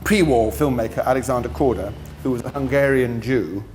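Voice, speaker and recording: A man's voice: mid-range voice, brisk, darkish tone, a little hiss or hum. An older man giving a university lecture as a film producer, telling stories with many fillers and restarts. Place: lecture hall.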